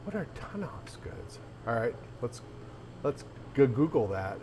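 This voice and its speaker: A man's voice: medium pitch, big pitch swings, unhurried, a little mellow, a little hiss or hum. Rambling man livestreaming from his arcade. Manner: rambling, thinking aloud with restarts. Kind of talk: casual livestream chat. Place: arcade café interior.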